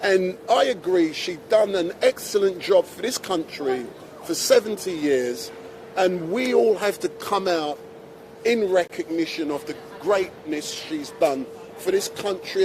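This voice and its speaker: A man with a fairly high voice chats and exclaims through a live street interview. He holds a handheld mic outdoors, with traffic and street noise clearly audible behind him. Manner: chatty, exclaiming. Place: busy city street outdoors. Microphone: handheld microphone.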